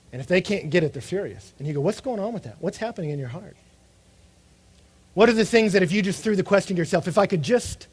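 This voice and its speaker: High-voiced animated male preacher. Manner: animated, acts out quoted voices. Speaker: pastor. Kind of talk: sermon.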